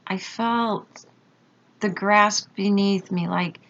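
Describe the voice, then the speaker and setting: A woman slowly recounting a personal experience, halting with fillers and pauses. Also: mid-range voice, fairly even intonation, fairly bright tone, a little hiss or hum. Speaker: storyteller recounting a near-death experience. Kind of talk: slow personal testimony. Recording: dull lo-fi recording.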